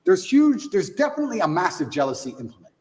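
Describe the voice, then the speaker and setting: A man's voice: sits high, big pitch swings, fast talker, long reverb tail, poor audio. A man speaking as a podcast guest, ranting emphatically and hammering his points through repetition. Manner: emphatic, ranting, repeats for force. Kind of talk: heated podcast interview.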